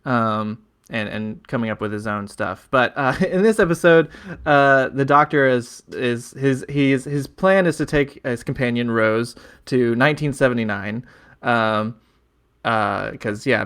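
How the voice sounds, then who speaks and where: A man's voice: mid-range voice, normal speed, a bit bright, smooth. A man co-hosting a casual podcast, recapping a TV episode with many fillers and small laughs. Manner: rambling, filler-heavy, chuckling recaps. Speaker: podcast co-host.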